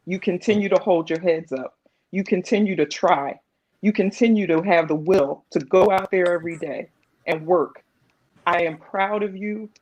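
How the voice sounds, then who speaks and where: A woman's voice: lowish voice, a little mellow, low-quality recording. A woman on a video call giving a heartfelt spoken tribute, impassioned and building emphasis by repeating phrases. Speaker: guest speaker.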